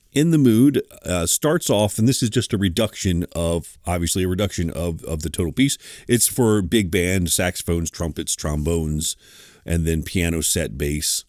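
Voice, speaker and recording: A man with a very low voice teaching music theory, now and then scatting short rhythm patterns aloud. The sound is dry and close, with no room around it. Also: no echo. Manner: scats rhythms aloud between explanations. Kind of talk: online lesson.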